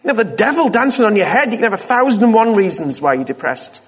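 A man's voice: sits high, expressive, fast talker, slightly rough. A man preaching a sermon, exhorting his listeners with fervent repetition. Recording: long reverb of a large hall.

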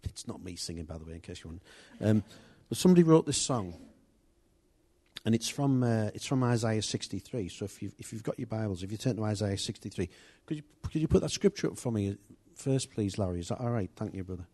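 Conversational male preacher, slightly low voice. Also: lively intonation, brisk, warm tone, slightly rough. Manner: conversational, with restarts and asides to the congregation. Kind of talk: informal sermon.

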